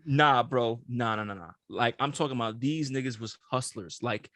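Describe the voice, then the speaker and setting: A man's voice: mid-range voice, moderate pace, sharp tone, no room sound. A young man co-hosting a podcast, telling stories in casual slang-filled chat and laughing often. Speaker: podcast co-host.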